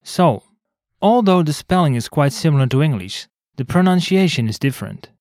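A man's voice: on the high side, expressive, darkish tone, no echo. Man co-hosting a language lesson, dry sound. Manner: clear, measured explaining with spelled-out words.

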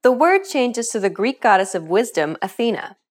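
An upbeat woman narrates a scripted lesson, explaining each point clearly and checking in with questions. Her voice sits a little high and moves with lively, wide swings of pitch. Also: moderate pace. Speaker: language teacher.

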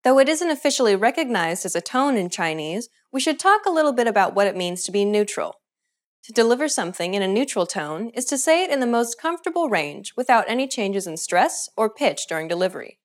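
A woman narrating a scripted language lesson in a clear, measured instructional way. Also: medium pitch, big pitch swings. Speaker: language teacher.

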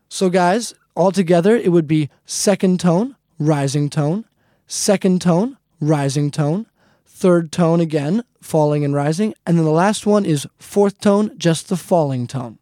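Mellow-voiced male language teacher. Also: on the high side, a little slow, dry recording, studio quality. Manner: friendly, repeats points, calls listeners "guys". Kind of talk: casual recorded language lesson.

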